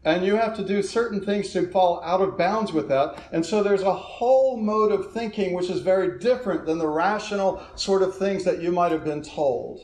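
A guest lecturer speaks in an echoey auditorium with faint background noise, telling anecdotes and chuckling at his own stories. His high voice has a darkish tone, and he keeps a moderate pace with few pauses.

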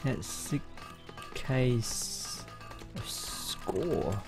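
A man casually commenting on his gameplay, hesitant and muttering, with many ums and pauses. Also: medium pitch, lively intonation, over music.

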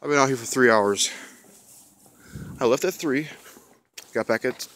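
A man's voice: medium pitch, measured pace, fairly bright tone, slight background noise. A young man vlogging to a handheld camera outside a house, rambling and hamming up his self-pity. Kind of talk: casual vlog to camera.

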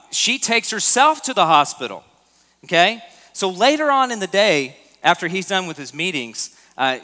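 A man's voice: fairly high pitch, bright, forceful tone. A pastor giving a sermon, talking in a casual way and putting questions to his congregation. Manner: conversational preaching, asks the congregation questions. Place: church auditorium. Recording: long hall reverb.

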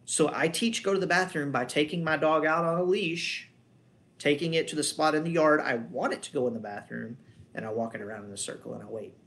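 A man's voice: a little high, fairly quick, gravelly, fairly bright tone. A man, a dog trainer, explaining training in a loose, conversational way, wandering between points and posing rhetorical questions. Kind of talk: casual instructional talk.

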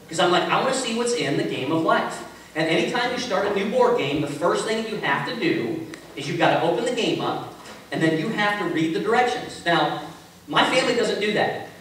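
A man preaching a sermon as a pastor, telling stories in a relaxed, conversational way with self-mocking humor. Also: high-pitched. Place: large echoey church sanctuary. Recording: echoey hall from far off with faint hiss.

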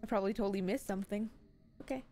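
A woman streaming horror games, chatty and expressive and swearing freely. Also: medium pitch, very fast, a little hiss or hum. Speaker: game streamer. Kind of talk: live reactions to horror games.

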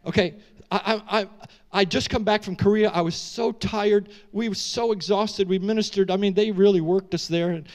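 A middle-aged man preaching in a church, telling a dramatic story with animated delivery, frequent restarts and questions to the audience. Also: high-pitched, a little fast. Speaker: guest preacher. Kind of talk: storytelling sermon. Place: church sanctuary.

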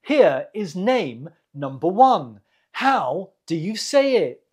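Quiz-host teacher with a husky tone, very slow, lively rise and fall, repeats every word for learners. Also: medium pitch. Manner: repeats each word clearly, pauses for the listener. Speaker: English teacher hosting a quiz.

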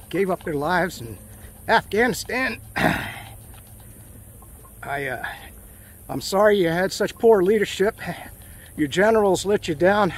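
A middle-aged man vlogging casually while walking outdoors in a park, hot and sweaty, talking emotionally in rambling bursts full of fillers. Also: high voice. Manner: emotional, ranting, with frequent fillers.

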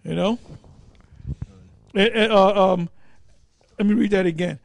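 Brief: high-voiced, gravelly man, dry close sound, teasing scripture reader. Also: no room sound. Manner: reads verses slowly, laughs often, teasing. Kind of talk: casual scripture discussion.

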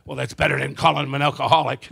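A man doing a stand-up comedy routine before a live audience, telling jokes and slipping into quick character voices. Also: medium pitch, flat delivery, gravelly, fairly bright tone, breathy edge. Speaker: comedian and magician.

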